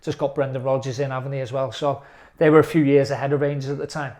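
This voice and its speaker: A man, a former footballer telling animated stories in a casual interview. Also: medium pitch, fast. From England. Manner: chatty, animated storytelling with lively quoted voices.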